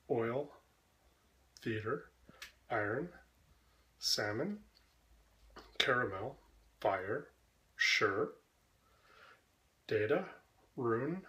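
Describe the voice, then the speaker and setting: Slow, deadpan Canadian man. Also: medium pitch. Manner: slow, deadpan, smart-aleck. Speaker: vlogger in a sasquatch persona. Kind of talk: casual accent-tag word list.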